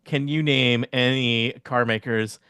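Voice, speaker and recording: A man's voice: mid-range voice, fairly even intonation, measured pace, pushed and bright, clean tone, dry recording, studio quality. A man hosting a podcast quiz game, reading out questions and explaining answers. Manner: explanatory, reads questions and facts. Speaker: quiz host.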